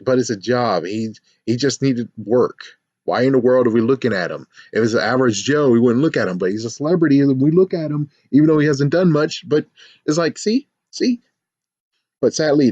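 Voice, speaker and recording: A man giving a casual, animated review of a TV episode, jumping into squealing fan voices now and then. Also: medium pitch, dry recording, muffled recording. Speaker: YouTube show reviewer.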